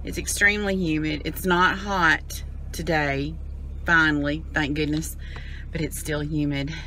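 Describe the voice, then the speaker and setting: A woman's voice: deep voice, steady tone, unhurried, bright, forceful tone. Southern woman vlogging over road noise. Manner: chatty, rambling. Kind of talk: casual chat to camera.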